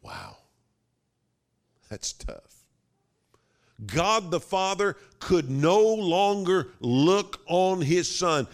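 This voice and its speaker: A man preaching a sermon as pastor, dramatic, slowing down for emphasis and dropping to a whisper. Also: on the low side. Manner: dramatic, with sudden drops to a whisper and slowed emphasis.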